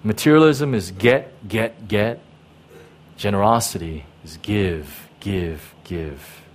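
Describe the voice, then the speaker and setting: A man's voice: lowish voice, takes it slowly, a little hiss or hum. A pastor preaching a sermon in an emphatic way, repeating key words and often checking in with his listeners.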